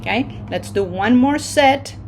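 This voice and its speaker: A woman teaching a lesson at an unhurried, careful pace. Her voice sits a little high. She sounds each word out deliberately and keeps checking in with encouragement. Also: expressive, darkish tone, a little hiss or hum. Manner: slow, deliberate modeling of pronunciation with encouraging checks. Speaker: Spanish teacher. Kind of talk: language lesson.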